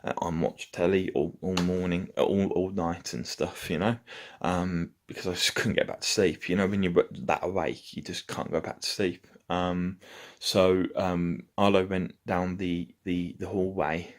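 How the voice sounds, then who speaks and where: A man's voice: sits low, flat delivery, measured pace. A man casually telling a rambling story to camera from his home. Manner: rambling, loose anecdote-telling. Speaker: vlogger. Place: at home, indoors.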